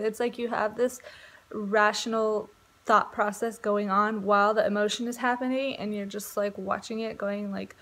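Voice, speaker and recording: A woman's voice: medium pitch, fairly even intonation, moderate pace. A pregnant young woman vlogging in a casual, rambling chat, laughing often.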